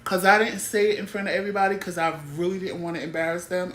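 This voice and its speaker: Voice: mid-range voice, little pitch movement, fast talker, a bit bright, roomy sound, slight background noise. A talk show host telling stories in a blunt, exasperated, casual way.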